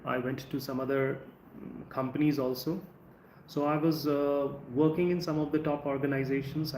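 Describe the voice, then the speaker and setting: A man with an Indian English accent teaching English in a live stream, speaking conversationally and drawing out words slowly to show word stress. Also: mid-range voice, darkish tone. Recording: echoey room with faint ambient noise.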